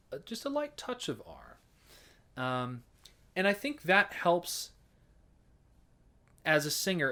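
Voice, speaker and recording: A man's voice: medium pitch, pushed and bright. Chatty American man explaining. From United States. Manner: chatty explaining, frequent restarts and hedging fillers. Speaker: folk song presenter. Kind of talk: casual educational talk.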